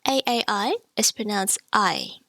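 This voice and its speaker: Slightly gravelly woman teaching a lesson. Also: mid-range voice, expressive, unhurried, bright, forceful tone, no echo. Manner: patient, explains step by step with frequent "okay". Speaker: Cantonese teacher. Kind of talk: language lesson.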